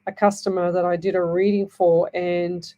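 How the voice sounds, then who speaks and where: On her live radio show, a middle-aged psychic medium gives readings in a rambling, comforting manner, often asking "okay?" as she goes. She speaks at a moderate pace in a lowish, dark-toned voice with little pitch movement.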